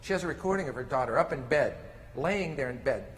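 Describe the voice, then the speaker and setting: A man presents a conference session on mand training, speaking fast at medium pitch with lively intonation and a somewhat bright tone in a big-room sound. It's a lecture with live demonstration, as he explains step by step while using toys.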